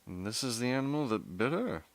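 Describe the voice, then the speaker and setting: A man's voice: mid-range voice, big pitch swings, moderate pace, pitched above the performer's own voice. A man doing a formal, precise doctor. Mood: calm. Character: calm, formal Costa Rican male doctor.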